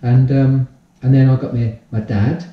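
An older man, a podcast guest telling his life story in a casual, animated way and acting out the dialogue. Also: mid-range voice, unhurried. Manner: animated storyteller, acts out dialogue, repeats phrases. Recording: distant, roomy, dull-sounding audio.

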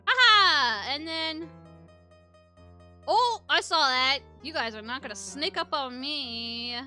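A woman giving let's play commentary, reacting to the game with excitable, flustered exclamations. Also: high voice, takes it slowly, faint music behind. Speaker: gameplay commentator.

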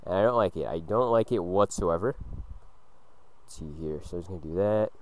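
A man hosting a gaming video, giving excitable let's play commentary, swearing and shouting at the game from a hot room at home. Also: low-pitched, moderate pace, rough recording.

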